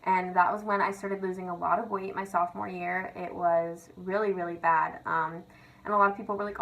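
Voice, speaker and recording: A woman's voice: medium pitch, fairly even intonation, fairly quick, fairly bright tone, rough recording. A young woman vlogger rants casually and confessionally, chatty and sweary, leaning on "like" and "literally". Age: young adult.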